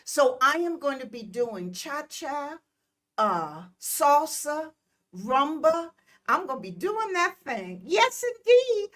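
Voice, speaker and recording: A woman's voice: medium pitch, fairly bright tone. An older woman hosting a live stream, effusively greeting viewers by name and blowing them kisses. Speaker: host. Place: Detroit.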